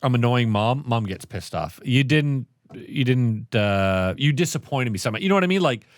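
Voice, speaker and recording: Animated, swearing man telling stories. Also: medium pitch, moderate pace, no room sound, clean studio sound. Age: 30s. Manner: animated storytelling, swears often. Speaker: podcast co-host. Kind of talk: casual podcast chat.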